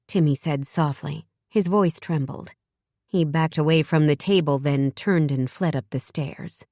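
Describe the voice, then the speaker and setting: A woman narrating an audiobook in a measured storytelling manner. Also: low voice, a little mellow, no echo, clean studio sound. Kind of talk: scripted narration.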